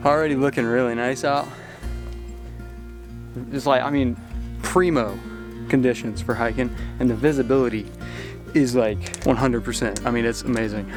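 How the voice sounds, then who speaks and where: A man's voice: mid-range voice, steady tone, normal speed, pauses often, music in the background. Breathless young man vlogging on a hike. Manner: hiking uphill while talking. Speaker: hiking vlogger. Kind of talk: casual vlog talk to camera. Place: outdoors on a mountain trail.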